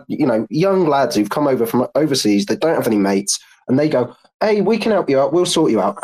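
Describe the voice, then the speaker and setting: A man explaining things in a halting, agreeable way during a casual online audio chat. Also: mid-range voice, a little mellow.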